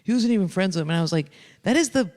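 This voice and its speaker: A man on a casual comedy podcast, jumping in with quick reactive wisecracks. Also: sits high, lively intonation, a little mellow. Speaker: podcast guest.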